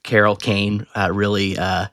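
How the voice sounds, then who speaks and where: A man co-hosting a podcast in casual chat, animated and laughing often, with a Southern US accent. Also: a little slow, no room sound, studio quality. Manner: animated, laughs often, mimics lines in a higher voice. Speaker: podcast co-host.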